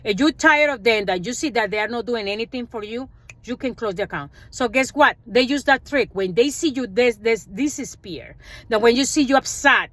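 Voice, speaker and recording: A woman speaking English as a second language, her first being Spanish, telling an animated personal finance story in a casual vlog and acting out what others said. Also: a little high, normal speed, no room sound. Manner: animated storytelling, acts out quoted dialogue, non-native grammar.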